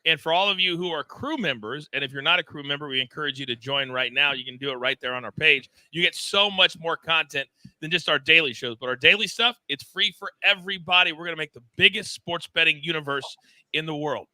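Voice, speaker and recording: A man hosts a live sports betting show in a very bright, forceful voice that sits a little high. He is excitable, loud and self-deprecating. The room sounds dry, with a close mic. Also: brisk, no room sound. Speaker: host.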